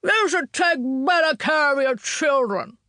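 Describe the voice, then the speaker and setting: Brief: woman voicing a cranky man with a bovine bellow, slow complaints, dry recording. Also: a little high, animated, creaky, a bit bright, no room sound, pitched above the performer's own voice, heavily acted. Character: grumpy middle-aged man with a bovine voice.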